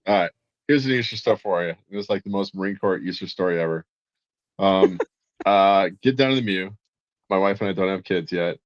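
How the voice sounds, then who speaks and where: Laughing, swearing male storyteller, low voice. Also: brisk, no echo, muffled recording. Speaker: podcast co-host. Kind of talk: casual storytelling chat.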